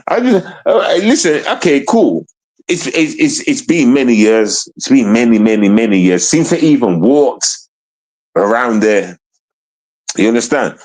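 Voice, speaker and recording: Man, livestream rant, repetitive, profane, jumps from high shouts to low mutters. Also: very animated, a little slow, low-quality recording. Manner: repetitive, emphatic, keeps asking "you understand?"; profane and heated. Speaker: streamer.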